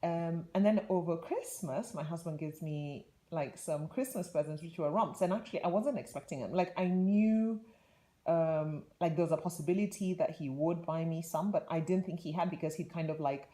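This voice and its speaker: A woman's voice: low-pitched, a little fast, mellow. A young woman vlogger telling a rambling, chatty story in a casual way, laughing often between her words.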